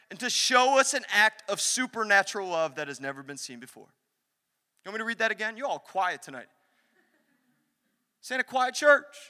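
A young man preaching a lively sermon in a church, acting out the voices he quotes. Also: very high voice, clean tone. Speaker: pastor. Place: church sanctuary. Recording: long hall reverb.

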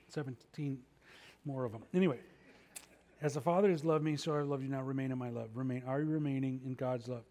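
A man's voice: mid-range voice, a little mellow. A middle-aged man preaching a sermon as pastor, conversational with self-deprecating asides. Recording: long reverb of a large hall.

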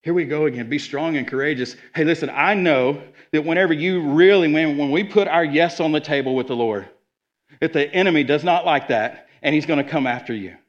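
Earnest male preacher, conversational delivery, a touch high, muffled recording. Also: a little fast. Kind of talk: sermon. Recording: dull lo-fi sound.

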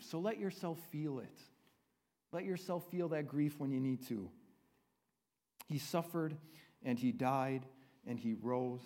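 Preaching in an earnest, conversational way, this pastor has a medium-pitched, darkish voice and keeps checking in with his congregation through tag questions. A large hall's long reverb surrounds his words.

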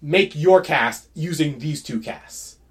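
Lively man chatting about movies. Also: fairly high pitch. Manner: animated, halting with repeated restarts. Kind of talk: casual movie discussion chat.

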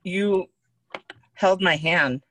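A woman co-hosting a podcast, talking in casual chat in a halting way. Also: fairly low pitch, a little hiss or hum, low-quality recording. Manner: slow, halting, laughs between phrases. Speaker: podcast co-host.

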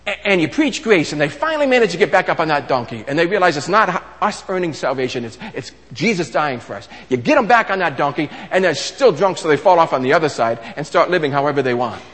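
A man preaching a sermon with a fairly high, very lively voice that rises and falls widely. He teaches in a conversational way, stopping to ask rhetorical questions and restarting phrases. His voice carries a long reverb from a big hall. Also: fast, hardly any pauses.

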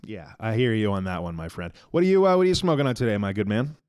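A man's voice: on the low side, big pitch swings, fast talker, a little mellow, clear, resonant tone. A man in his thirties co-hosting a casual podcast, rambling and joking in a laid-back way. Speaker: podcast co-host. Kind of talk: casual chat.

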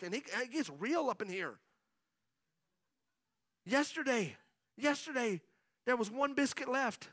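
A middle-aged pastor preaches in a conversational way and keeps calling out to the congregation. His voice is high and bright, and the sound is close and dry. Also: expressive, a little slow, pauses often, no echo. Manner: conversational preaching with audience call-outs. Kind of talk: sermon.

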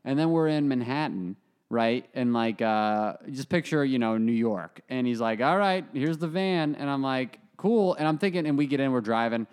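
A man's voice: mid-range voice, moderate pace, darkish tone, clean tone. A young man co-hosting a podcast, telling a rambling, crude story in casual chat. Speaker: podcast co-host.

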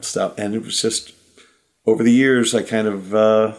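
Gravelly low-ish guy in his 50s telling stories, does little voices for the people he quotes. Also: normal speed. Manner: animated anecdotes, mimics people he quotes. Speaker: guest, magician. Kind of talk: casual storytelling.

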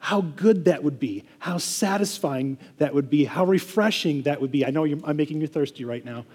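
A man's voice: on the high side, normal speed, darkish tone, slightly rough, long reverb tail. A man preaching a sermon as pastor, earnest, often repeating words and restarting phrases.

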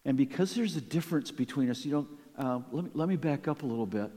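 A man preaching a sermon as pastor, emphatic and animated, acting out quoted lines. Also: mid-range voice, fast, long reverb tail.

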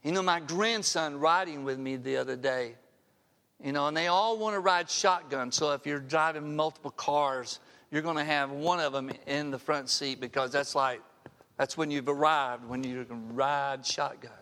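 A man's voice: a little high, moderate pace, sharp tone. An older man preaching a sermon as pastor, earnest and full of direct rhetorical questions to his listeners. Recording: long reverb of a large hall.

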